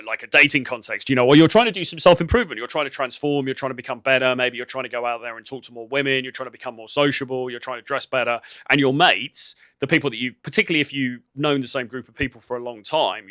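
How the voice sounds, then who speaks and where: A man with a bright, forceful voice hosts a dating advice channel and reacts to a clip. He talks like a coach, relaxed and filler-heavy, and the sound is dry and close. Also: medium pitch, fast talker, hardly any pauses, no echo. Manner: conversational and coaching, many "you know" fillers.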